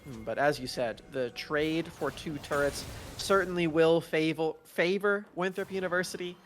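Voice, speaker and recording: A man's voice: a little high, moderate pace, soft background music. A man giving analytical color commentary on an esports match, chatty and light, often searching for words. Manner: chatty, laughing, fumbling for words.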